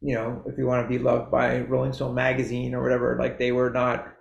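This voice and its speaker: A man's voice: medium pitch, completely flat delivery, brisk, gravelly, reverberant, lo-fi sound. A middle-aged man with a Canadian accent, chatting as a podcast guest in a rambling, self-interrupting way with frequent laughs. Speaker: guest musician. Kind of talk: casual podcast chat.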